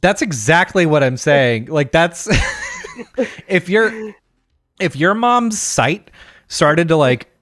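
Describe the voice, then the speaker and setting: A man co-hosting a podcast in casual chat, joking and reacting quickly. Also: a little high, wildly swooping pitch, fairly bright tone, no echo, clean studio sound. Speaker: podcast co-host.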